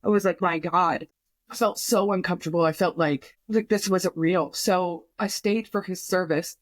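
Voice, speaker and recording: A woman's voice: on the low side, steady tone, normal speed, dry recording. A young woman on a podcast, telling an emotional personal story in a rambling way, full of fillers and swearing, quoting herself. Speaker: podcast guest.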